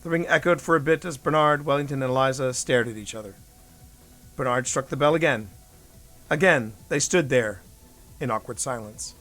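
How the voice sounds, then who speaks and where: A man's voice: medium pitch, normal speed, fairly bright tone, soft background music. A man streaming a bedtime story reading, narrating expressively and giving each character a voice.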